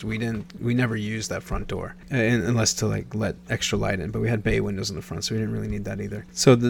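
Gravelly low-voiced man telling a story. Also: slight background noise. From Nebraska, USA. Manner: rambling, self-correcting, many restarts. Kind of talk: casual personal storytelling.

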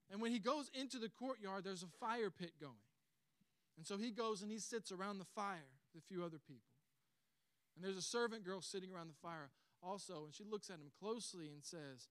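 A man with a Southern accent preaching a sermon, telling the story with animated, acted-out dialogue. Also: high voice, clear, resonant tone, no room sound, clean studio sound. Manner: animated storytelling, acts out quoted lines. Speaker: pastor.

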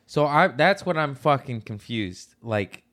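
A man's voice: mid-range voice, lively intonation, unhurried, a bit bright. A man as a podcast guest, talking bluntly and profanely in a laid-back, storytelling way. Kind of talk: casual chat.

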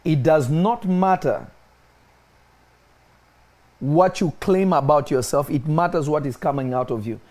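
Speaking a little slowly with frequent pauses, this slightly mellow-voiced man preaches during a spiritual discussion. He hammers home key phrases through repetition, and his pitch climbs whenever he stresses a point.

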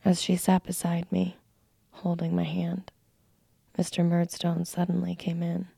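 Woman whispering a storybook, whispered role-play, gravelly low and dark, close dry mic. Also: completely flat delivery, dry recording. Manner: soft, slow, unvoiced whisper. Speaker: narrator.

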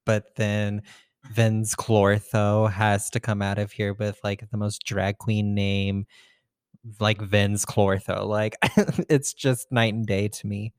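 A soft-spoken young man chats about a film with quiet enthusiasm. He talks slowly, in a smooth, clear voice that sits a little low, recorded close and dry. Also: little pitch movement, dry recording. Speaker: podcast co-host. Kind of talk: casual film discussion.

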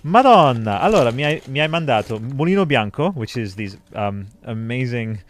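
Effusive excitable male podcast host. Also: medium pitch, a little fast. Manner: excitable, effusive, bursts into laughter and loud exclamations. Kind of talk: casual podcast chat.

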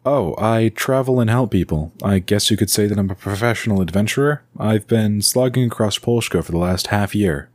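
A man's voice: fairly low pitch, moderate pace, few pauses, a little mellow, no echo, studio quality, voice pushed up, natural voice. A man voicing a chatty young male elf adventurer in an audio story.

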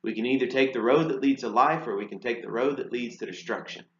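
A man's voice: mid-range voice, fast, a bit bright. A man preaching a sermon in a conversational way, asking rhetorical questions and using casual fillers. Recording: roomy and slightly dull sound.

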